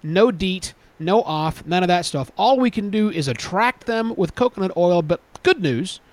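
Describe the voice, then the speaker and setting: A man's voice: high voice, lively intonation, moderate pace, no room sound. A man hosting a casual podcast chat, making wry, jokey remarks. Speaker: podcast host.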